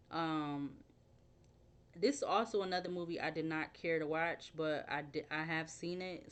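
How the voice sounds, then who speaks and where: A young adult woman doing a casual tarot reading, rambling and thinking aloud, spelling words letter by letter. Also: low voice. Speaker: tarot reader.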